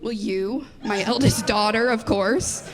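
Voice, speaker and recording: A calm, matter-of-fact middle-aged mom, put on by a woman comic, speaking slowly in an unbothered deadpan. The voice sits fairly high, and there is no fuss in it. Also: background noise.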